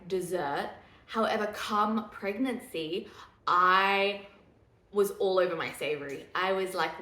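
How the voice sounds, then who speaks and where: A young woman talks candidly to camera about her pregnancy, chatty and open, laughing easily. Her voice sits at an ordinary middle pitch. The room around her is noticeably echoey. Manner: chatty, candid, laughs easily, drops to a hushed voice for quoted asides. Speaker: vlogger. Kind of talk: casual pregnancy update chat.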